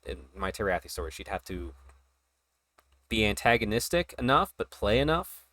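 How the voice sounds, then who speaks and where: A man hosting a casual hobby podcast, talking in an excited, rambling way and laughing often. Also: on the low side, moderate pace, slight background noise. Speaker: podcast host.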